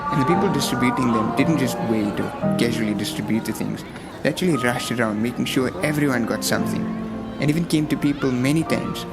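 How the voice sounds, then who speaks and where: A man narrates his travel vlog in a calm, reflective voice-over. Music plays clearly behind his voice. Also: medium pitch. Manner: calm, thoughtful, relaxed. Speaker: vlogger.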